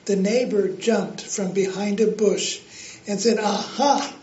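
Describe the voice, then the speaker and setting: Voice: mid-range voice, fairly even intonation, measured pace, mellow. An earnest preacher giving a devotional talk, telling a joke and then exhorting listeners to praise God, in a roomy, dull recording.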